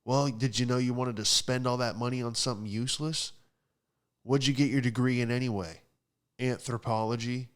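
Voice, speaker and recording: A young male comedian hosting his own podcast, talking through a stand-up style monologue. He rants with plenty of sarcasm and lands jokes in a casual, mid-pitched voice. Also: steady tone, fairly quick. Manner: sarcastic, ranting.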